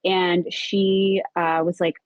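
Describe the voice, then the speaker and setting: A woman guest on a podcast telling a story in a casual, animated way, jumping up in pitch when she acts out what people said and swearing now and then. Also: slow, no room sound. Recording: dull lo-fi recording.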